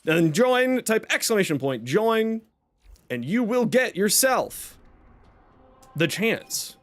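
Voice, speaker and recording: A man's voice: high-pitched, sing-song, slow pace. A young man chatting casually on a live game stream, upbeat and talkative as he announces giveaways and thanks viewers. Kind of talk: casual live-stream chat while gaming.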